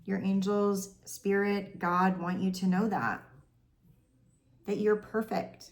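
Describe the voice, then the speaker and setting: A woman tarot reader in her thirties speaking gently and reassuringly to viewers, tearful and close to crying. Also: medium pitch, little pitch movement, slow pace. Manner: gentle, reassuring, repeats herself. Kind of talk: heartfelt spiritual talk to viewers.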